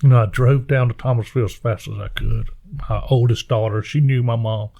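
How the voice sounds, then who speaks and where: A middle-aged pastor, telling personal stories in a jovial, folksy way. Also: male voice, mid-range voice, fairly even intonation, fairly quick, vocal fry, dark tone. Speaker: pastor and podcast guest. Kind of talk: personal storytelling in conversation.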